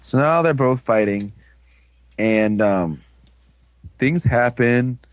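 A man's voice: mid-range voice, slow pace, no room sound. A man casually recapping an episode in a rambling, amused way, with plenty of fillers. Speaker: podcast co-host recapping an episode. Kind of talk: casual chat.

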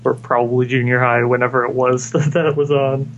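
A man's voice: mid-range voice, flat delivery, fairly quick, a bit bright, muffled recording, slight background noise. Easygoing young man in casual chat.

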